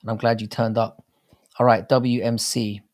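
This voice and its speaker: A man's voice: fairly low pitch, little pitch movement, moderate pace. Over-enunciating male livestream host. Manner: over-enunciates, crude joking banter. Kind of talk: casual live chat, reading viewer comments aloud.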